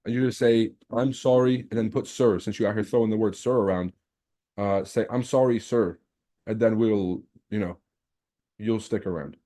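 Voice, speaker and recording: A man's voice: fairly low pitch, steady tone, moderate pace, mellow. A man hosting a live trading stream, chatting casually, brash and teasing as he reads out the chat and swears freely. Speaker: trading livestream host.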